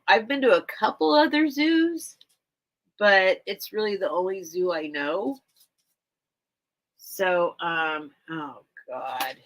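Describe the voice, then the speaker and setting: Her voice lowish yet fairly bright, a woman runs a live vintage sale online from her home, rambling casually and talking straight to the people watching the stream.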